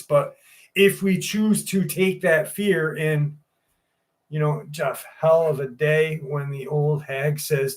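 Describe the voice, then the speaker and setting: A man hosting a live stream, chatting casually and reading viewer comments in a loose, jokey way with plenty of swearing. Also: on the high side.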